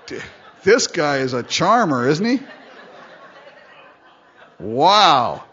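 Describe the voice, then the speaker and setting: Animated man preaching with jokes. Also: a little high, takes it slowly, long pauses, breathy edge. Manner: animated, joking, acts out the lines in voices. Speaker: pastor. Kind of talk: sermon. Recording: dull, lo-fi sound.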